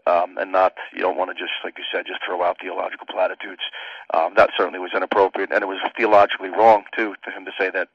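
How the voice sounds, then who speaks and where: A man's voice: fairly low pitch, no echo, lo-fi sound. A man co-hosting Christian radio talk, earnest and reasoning aloud.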